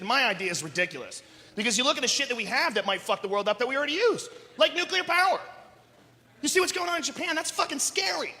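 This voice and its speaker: A man doing a profane, animated stand-up comedy set, often shouting and acting out voices on a large live stage. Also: very high-pitched, slight background noise. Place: large live venue with audience. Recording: live stage recording with long hall reverb.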